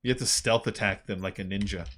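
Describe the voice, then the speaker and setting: A man's voice: lowish voice, fast, a little hiss or hum. Rambling, laughing male game streamer. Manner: rambling and animated, with frequent fillers and laughs. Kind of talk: casual chat while playing a game.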